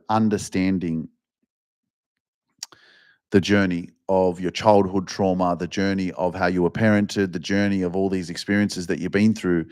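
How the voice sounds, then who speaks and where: A man hosting a self-help podcast, delivering a blunt motivational monologue full of swearing that often climbs into an impassioned, higher-pitched rant.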